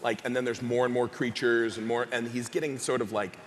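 A man's voice: medium pitch, little pitch movement, a little fast, long reverb tail. A man playing in a tabletop game, rambling and hedging as he describes his character. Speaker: player. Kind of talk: casual chat at a game table.

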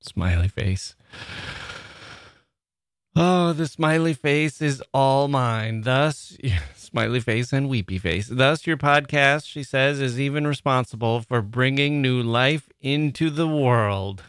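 A man hosting a podcast, reading listener mail in a chatty, playful way, often laughing and getting excited. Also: mid-range voice, takes it slowly, clear, resonant tone, no echo, studio quality. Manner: emotional, excitable. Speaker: podcast host. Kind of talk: reading listener mail aloud, casual monologue.

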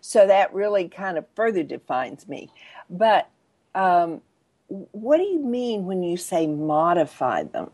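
Interviewer, Texan woman, husky, slightly low, drawn-out vowels, dry sound. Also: sing-song, a little mellow, no room sound. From Texas. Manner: drawls, asks questions, brief backchannels.

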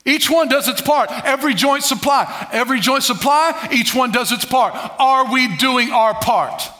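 A male pastor preaching a sermon, calling on the congregation to repeat words and swinging between loud bursts and low muttered asides. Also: moderate pace. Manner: preaches with call-and-response to the congregation.

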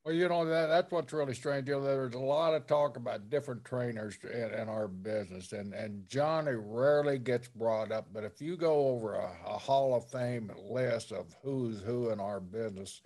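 A man's voice: mid-range voice, normal speed, hardly any pauses, a little mellow. A man who has worked in wrestling, interviewing a guest in an emphatic, conversational way. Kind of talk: casual interview.

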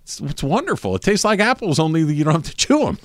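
A man in his forties co-hosting a casual sports talk show, joking and laughing often in quick banter. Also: on the high side, sing-song, no echo, clean studio sound. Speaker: sports radio co-host.

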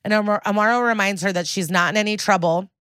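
A woman's voice: medium pitch, fast talker, smooth, no echo, clean studio sound. A woman co-hosting a podcast, recapping a TV episode in casual chat, acting out the characters' lines and swearing freely as she comments. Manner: animated, acts out characters' lines.

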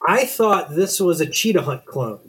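A man's voice: fairly high pitch, lively intonation, normal speed, a bit bright, husky. A man co-hosting a podcast in casual chat, laughing often as he banters. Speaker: podcast co-host.

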